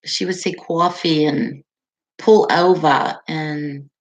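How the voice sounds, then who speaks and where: A woman's voice: deep voice, steady tone, takes it slowly. A woman in her forties hosting a casual livestream, chatting and reading viewer comments aloud with frequent laughter. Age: 40s. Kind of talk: casual live-stream chat.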